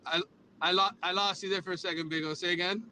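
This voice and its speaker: A man calls in from a moving car, with a bright, sharp tone and a high voice. He is easygoing and laughs a lot. Faint road noise runs behind the call. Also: steady tone, fast talker, rough recording. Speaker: phone-in guest, youth football coach. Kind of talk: casual phone call from a car.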